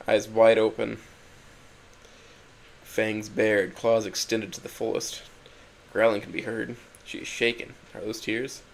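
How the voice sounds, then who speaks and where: A man's voice: on the low side, unhurried, creaky, a bit bright. A man narrating a first-person dramatic story, emotional and swinging from hurt to angry outbursts.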